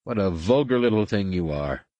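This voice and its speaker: A man voicing a mad, crippled alien master who swings between cold calm and shrill rage, in a husky, pitched-up voice. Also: measured pace, no room sound, highs cut off. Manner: erratic, imperious, shifting between calm and screeching.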